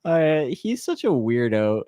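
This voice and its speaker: A man's voice: a little high, very animated, takes it slowly, warm tone, no echo, clean studio sound. A man talking casually with a friend, rambling and self-deprecating, laughing often and peppering his talk with "like". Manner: filler-heavy, many "like"s and restarts. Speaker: podcast host. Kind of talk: casual chat between friends.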